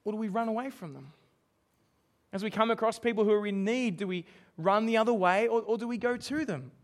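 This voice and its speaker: Man, preacher, sermon, high-pitched, emphatic, questioning the congregation. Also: a little fast.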